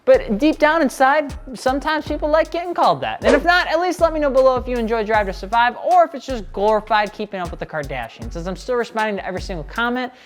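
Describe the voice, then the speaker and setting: A woman's voice: fairly high pitch, lively intonation, quick pace, hardly any pauses, soft background music. Wisecracking woman with sarcastic asides. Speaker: video essayist. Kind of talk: scripted commentary video.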